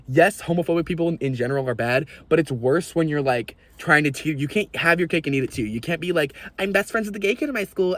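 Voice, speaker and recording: A young man ranting to camera in a vlog, animated and exasperated, swearing freely. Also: fairly high pitch. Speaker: video creator.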